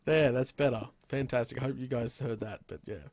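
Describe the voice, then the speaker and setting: An Australian man chatting on a casual gaming live stream at home, rambling, laughing often and exclaiming "crikey" into a boom arm microphone. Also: brisk, darkish tone, no echo. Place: room at home.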